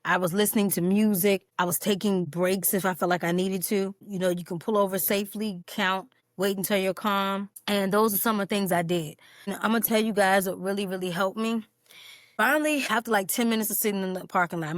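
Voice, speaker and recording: Casting: quick-talking woman, podcast host, earnest and candid, dry close sound. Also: medium pitch, steady tone, dry recording. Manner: earnest, speaks straight to listeners as "y'all"; candid, openly emotional. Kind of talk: personal mental health podcast talk.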